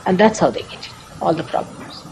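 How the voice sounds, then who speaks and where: A woman's voice: lowish voice, animated, brisk, noisy background. A woman spiritual teacher giving a sermon to a meditation gathering, telling stories with acted quotes and rhetorical questions.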